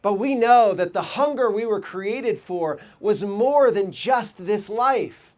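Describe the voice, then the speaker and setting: A man preaching a sermon as pastor, telling stories with lively quoted voices and asking the congregation reflective questions. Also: sits high, slow pace. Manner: animated storytelling, quoting people in raised voices.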